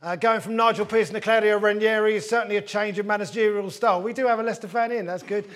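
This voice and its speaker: A man's voice: high voice, steady tone, fast talker, fairly bright tone. A man hosting a comedy panel show, telling wry jokes between topics. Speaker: host.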